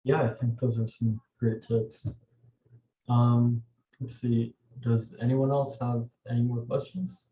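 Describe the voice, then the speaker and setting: A man's voice: mid-range voice, flat delivery, slow, dark tone, roomy sound, dull audio. A man hosting a question session, polite and a little hesitant, heard over a video call. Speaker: host.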